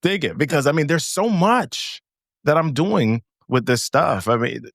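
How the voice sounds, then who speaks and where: Laughing, animated man guest. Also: a little high, measured pace, vocal fry, no echo, studio quality. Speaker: guest speaker. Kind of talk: casual podcast chat.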